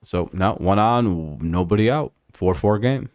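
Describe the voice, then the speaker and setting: Brief: low, smooth male streamer calling a ball game live with chat, excitable and foul-mouthed, dry close mic. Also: a little slow, no echo. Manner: excitable, swears freely, banters with chat. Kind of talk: casual live-stream baseball commentary.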